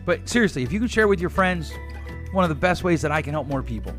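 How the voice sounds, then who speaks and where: A man's voice: on the high side, animated, fast, fairly bright tone, soft background music. A middle-aged man hosting a solo relationship advice podcast, blunt and emphatic as he urges listeners to change. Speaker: podcast host.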